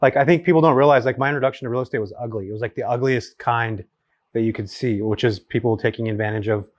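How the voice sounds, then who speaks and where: Fast-talking storytelling man, dry sound. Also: mid-range voice, dry recording. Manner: rapid, animated storyteller with many fillers. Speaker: guest, real estate investor. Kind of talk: casual storytelling chat. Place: his home.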